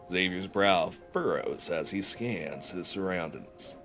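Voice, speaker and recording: A young man with a relaxed Southern US drawl and a lowish voice, reading game narration slowly and joking with his audience between lines. Soft music plays underneath. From Georgia, USA. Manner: chatty, joking, slow and deliberate when narrating. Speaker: streamer. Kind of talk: casual chat while reading a game story aloud.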